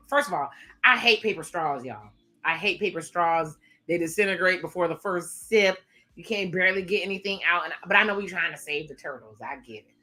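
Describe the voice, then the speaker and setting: Talking straight to her viewers, a woman hosts a casual reaction video in a chatty, sassy way, tossing in asides and laughing often. Her voice sits fairly low and has a sharp edge.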